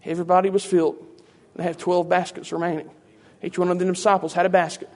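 Brief: high-voiced male preacher giving a conversational teaching sermon full of rhetorical asides. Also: flat delivery, fast talker.

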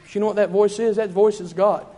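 A man's voice: sits high, steady tone, quick pace, dark tone, long reverb tail. A man preaching a sermon in a church, fervent and repetitive in his cadence.

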